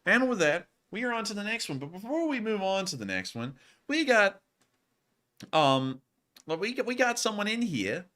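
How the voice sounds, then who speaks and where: A young man with a high-pitched, jokey voice that swings widely up and down. His tone is bright and forward, and he runs his livestream chatter with playful teasing and quick asides. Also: sing-song. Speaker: livestream news host. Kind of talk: casual livestream chat.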